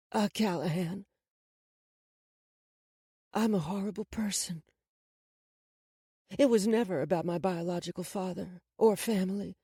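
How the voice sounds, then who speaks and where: A woman's voice: on the low side, a little mellow, breathy edge, no room sound, clean studio sound. A woman reading a first-person audiobook in an emotional, confessional way. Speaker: audiobook narrator. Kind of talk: scripted first-person narration.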